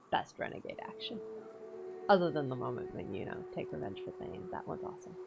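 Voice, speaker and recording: A woman's voice: rumbling low, creaky, lo-fi sound, background noise. A woman streamer chatting casually over gameplay, laughing often and swearing freely. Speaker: game streamer.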